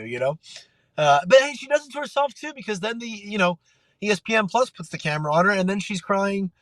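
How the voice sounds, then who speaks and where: Laughing man with a higher voice. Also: quick pace, no echo. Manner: laughing, animated storyteller who acts out quotes. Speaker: podcast guest, MMA fighter. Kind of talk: casual chat.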